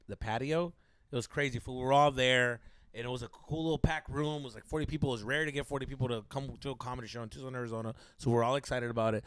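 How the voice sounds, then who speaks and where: A young man hosting a podcast, telling stories in a profane, animated way, acting out voices and mixing in Spanish slang. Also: mid-range voice, clear, resonant tone, dry recording. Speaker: podcast co-host. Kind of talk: casual storytelling chat.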